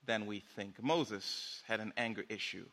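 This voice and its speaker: A man's voice: on the low side, measured pace, a bit bright, long reverb tail. A male pastor preaching a sermon in a conversational way, with fillers.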